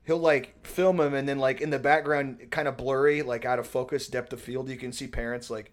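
A man on a casual podcast, telling stories in a rambling, profane, animated way. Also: medium pitch, fairly quick. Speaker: podcast co-host. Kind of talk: casual comedic chat.

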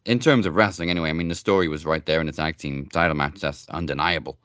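A man's voice: very deep voice, fast, a bit bright, dry recording. A man co-hosting a podcast, chatting in a laid-back way and swearing casually. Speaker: podcast co-host. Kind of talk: casual chat.

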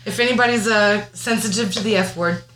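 A woman tells stories on a casual podcast with lively, animated energy, breaking into laughs and putting on voices. Her tone is bright and forward. She is recorded in an echoey room with a faint hiss behind her. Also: mid-range voice, fairly quick. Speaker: guest mom.

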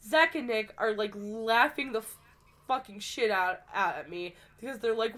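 A woman co-hosts a casual podcast, sick and short of breath, with a fairly high, sharp-toned voice at a moderate pace. She tells stories full of swearing and laughter.

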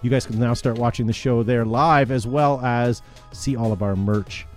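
A chatty male podcast host runs through announcements with plenty of ums and easy laughter. His voice sits at an ordinary middle pitch. Faint music plays behind him. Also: fairly even intonation, moderate pace. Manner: chatty, laughs often, many fillers. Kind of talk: casual show announcements.

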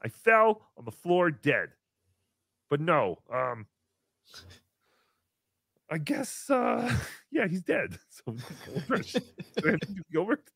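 A man plays a high, bright-toned, self-pitying showman, full of melodrama and swinging pitch. He refers to himself in the third person as if hosting his own sad little show. The sound is dry and close. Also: very animated, extremely slow, creaky, pauses often, slightly rough, dry recording, full character voice. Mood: excitable. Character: silly, self-pitying, nasal-voiced male showman. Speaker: livestream show host. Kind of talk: comedic live-stream character bit.

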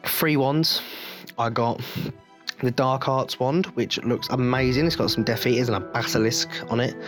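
A man's voice: mid-range voice, steady tone, normal speed, music in the background. Blunt, swearing English man ranting. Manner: blunt, jokey, swearing freely. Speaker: podcast host. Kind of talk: casual rant.

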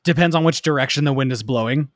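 A man's voice: medium pitch, fast talker, dry recording, clean studio sound. A man who is the lead singer of a band, chatting as a podcast guest, rambling and jokey with many restarts. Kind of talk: casual chat.

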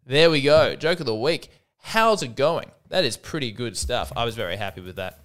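A man's voice: medium pitch, lively intonation, fast talker, few pauses, a bit bright, smooth. A man with an Australian accent, hosting a solo comedy podcast in a wry, self-deprecating, rambling monologue.

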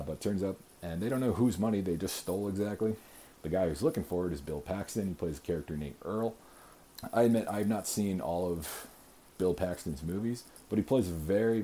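A man's voice: low voice, dark tone, slight background noise. A man in his thirties hosting a podcast, reviewing a movie in a casual, rambling way with lots of filler words and repeated starts. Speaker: podcast host.

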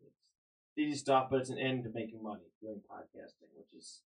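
A man's voice: medium pitch, normal speed, vocal fry, poor audio. Rambling male podcast guest. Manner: rambling, self-correcting. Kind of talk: casual chat.

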